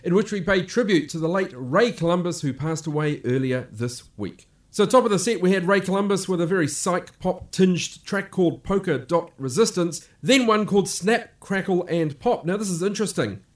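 A man hosting a radio show, introducing records in measured, informative DJ patter. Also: high-pitched, expressive.

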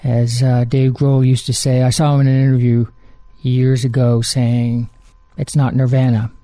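Man, radio music host, casual DJ patter, rambling, mellow voice, dry sound. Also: mid-range voice, level tone, normal speed, no echo. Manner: chatty and rambling, with frequent "uh" fillers.

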